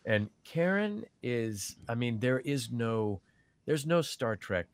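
A man's voice: mid-range voice, slow, no room sound. A man who narrates audiobooks, talking casually and thoughtfully about his work, often restarting sentences. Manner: thoughtful, many restarts, quotes others in lively voices. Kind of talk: conversational panel talk.

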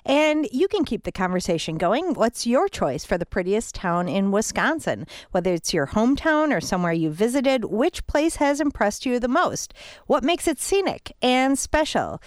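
A woman's voice: a little high, no room sound. A woman co-hosting a radio show, chatting in a bubbly, curious way in a studio. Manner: bubbly, curious, quick to laugh. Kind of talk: casual radio chat. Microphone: studio microphone.

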